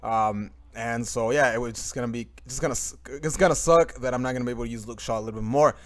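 A man's voice: mid-range voice, fast. Rambling young man commentating gameplay. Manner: rambling, many fillers and restarts. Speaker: gaming commentator.

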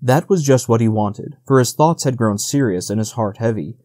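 A man reads a classic story aloud at a measured, steady pace. His voice is dark and mellow, with a middle pitch. The recording is dry and close, with no room around it. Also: no echo. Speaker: audiobook narrator. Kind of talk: audiobook reading.

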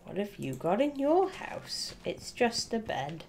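A woman co-hosting a game stream, chatting casually, excitable and quick to laugh and swear. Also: mid-range voice. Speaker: co-host gaming streamer. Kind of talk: casual gameplay banter.

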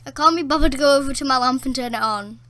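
A high-pitched woman narrates her gameplay in a casual, rambling way, with a bright, sharp edge to her voice. She gets excited easily, gasping, laughing and exclaiming as she plays. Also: fast talker, no room sound. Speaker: gameplay commentator. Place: at home in a dark room.

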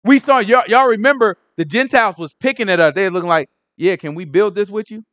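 A man teaching a Bible study in a casual, animated way, acting out the people in the story in everyday slang. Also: sits high, fairly quick, dry recording. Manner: animated storytelling, acts out characters in street slang.

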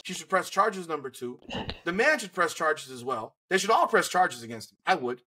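A man's voice: on the high side, expressive, normal speed, bright, forceful tone, slightly rough, poor audio. A man co-hosting a sports podcast, ranting bluntly and with profanity in an indignant tone. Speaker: podcast co-host. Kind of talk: heated sports opinion rant.

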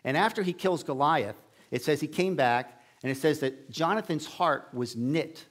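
A man's voice: on the high side, moderate pace, a bit bright. Folksy middle-aged male preacher. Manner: folksy, acts out Bible characters' lines with raised voice. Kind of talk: casual storytelling sermon. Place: church sanctuary.

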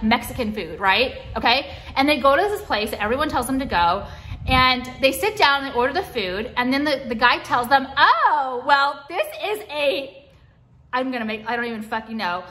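Woman venting to her phone, bright higher voice, cussing a lot and saying like every other word. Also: a little hiss or hum. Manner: exasperated, sweary, heavy use of "like". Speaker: vlogger. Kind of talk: casual rant to camera. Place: car.

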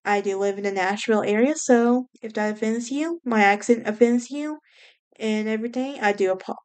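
Chatty Southern US woman host, higher voice. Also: moderate pace, a little mellow, clean tone. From Alabama, US. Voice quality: self-described speech impediment. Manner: chatty, rambling, wry asides. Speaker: podcast host. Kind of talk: casual solo podcast chat.

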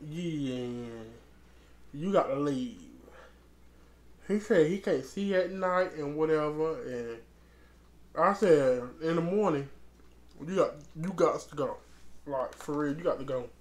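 Slow-talking blunt woman vlogger. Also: sits low. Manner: blunt and profane, calls the listener girl; rambling with many restarts. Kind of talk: casual storytime vlog.

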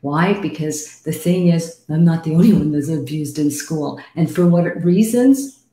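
A woman's voice: low voice, unhurried, warm tone. A middle-aged woman hosting a live call-in psychic reading show, talking bluntly and frankly, swearing freely and calling callers sweetie. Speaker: psychic medium host. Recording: roomy echo.

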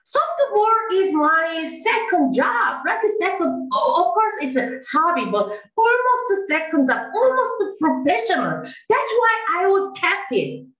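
A woman doing an indignant, dramatic coworker, high voice, swooping pitch, roomy dull online audio. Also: very animated, a little slow, few pauses, fairly bright tone, full character voice. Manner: dramatic, indignant, bursts into mock crying. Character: indignant woman coworker passed over for promotion. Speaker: improv performer. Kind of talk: improv scene. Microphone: online call.

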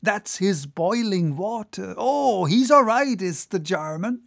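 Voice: mid-range voice, expressive, takes it slowly, gravelly, no echo, studio quality, pitched above the performer's own voice. A reader voicing a jovial male second mate on a whaling ship, teasing and cheerful.

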